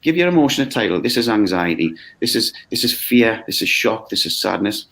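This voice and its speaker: Guy, kinda low voice, chatty and animated, lots of "okay?" on a video call. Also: brisk, creaky. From United Kingdom. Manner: animated, acts out quoted voices, frequent "okay?". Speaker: mindfulness course leader. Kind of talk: conversational explanation.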